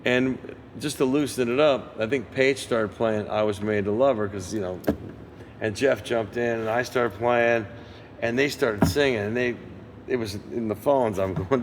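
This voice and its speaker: A man in his sixties, a session guitarist giving an interview, telling an anecdote with lively energy and acting out other people's lines. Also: mid-range voice, normal speed, slight background noise. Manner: lively raconteur who acts out others' lines. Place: museum interview set.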